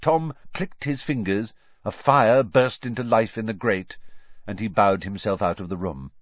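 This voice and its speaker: A man narrating a story aloud in an expressive storytelling manner. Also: fairly low pitch, a little slow, dry recording. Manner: expressive storytelling with lively rises and falls. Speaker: audiobook narrator. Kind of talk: scripted narration. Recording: dull, dry studio recording.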